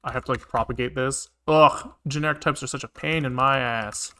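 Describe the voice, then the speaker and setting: A man's voice: medium pitch, steady tone, a little fast, bright, forceful tone, clear, resonant tone. A man live-streaming his programming, thinking aloud and muttering to himself with casual swearing, keyboard clicks behind him. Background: keyboard typing and clicking.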